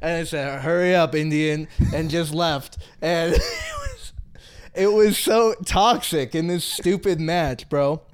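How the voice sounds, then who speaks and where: A man's voice: fairly high pitch, slow. A man co-hosting a podcast, telling casual stories and laughing often as he talks. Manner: laughing storyteller, animated. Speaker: podcast co-host. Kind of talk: casual chat.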